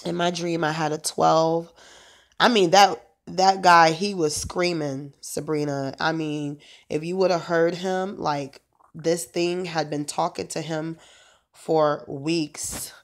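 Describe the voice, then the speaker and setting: Gravelly-voiced woman chatting on a livestream. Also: low voice, steady tone, slow. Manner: chatty, meandering, many fillers and asides. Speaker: prayer minister. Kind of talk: casual testimony livestream. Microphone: phone.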